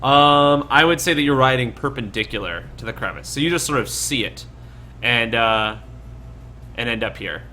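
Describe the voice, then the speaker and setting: A man's voice: mid-range voice, lively intonation, normal speed, sharp tone, a little hiss or hum. A young man narrating casually as dungeon master, rambling with lots of fillers. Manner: rambling, filler-heavy, laid-back. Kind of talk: casual tabletop game narration.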